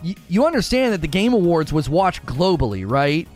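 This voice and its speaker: A man's voice: fairly high pitch, sing-song, moderate pace, a little mellow, faint music behind. A man streaming and giving a casual, argumentative rant, repeating and restarting his words as he pushes his point.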